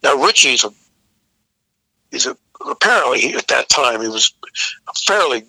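An older man, a veteran rock vocalist, relaxed and rambling through tour stories. His voice is very bright and forward. It sits close and dry on the mic. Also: mid-range voice, normal speed, gravelly, no room sound, rough recording. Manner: rambling anecdotal, frequent restarts, profane. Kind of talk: casual storytelling interview.

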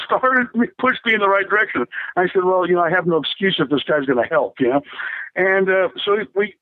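Older man, high voice, rambling chatty anecdotes, laughs a lot, tinny dry phone line. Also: no room sound. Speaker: rock drummer interviewee. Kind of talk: casual storytelling interview.

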